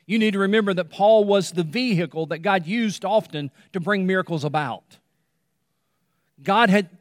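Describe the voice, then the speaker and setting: Male pastor, slightly high voice, dry close mic with long hall tail, dramatic hushed drops, repetitive emphatic sermon delivery. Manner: dramatic pauses, repetition, drops to a hush on key words.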